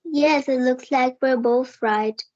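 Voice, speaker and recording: A woman's voice: high voice, takes it slowly, darkish tone. A young woman tells her story fluently during an online practice call. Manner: telling a personal story, fluent. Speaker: conversation partner. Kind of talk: online English practice conversation. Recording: dry, muffled call audio.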